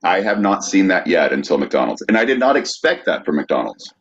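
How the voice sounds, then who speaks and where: A man with a very low voice hosts a podcast in an easygoing, halting way, stumbling over fillers as he reads from a list. The recording sounds dull and lo-fi. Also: very animated. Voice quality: halting, with many fillers when reading. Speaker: podcast host, researcher. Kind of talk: casual podcast chat, reading a list of sources.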